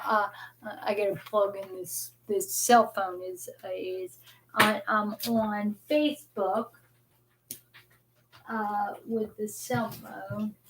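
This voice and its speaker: A woman's voice: mid-range voice, a bit bright. A middle-aged woman hosting a live talk stream, rambling and often repeating words as she restarts her sentences. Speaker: host.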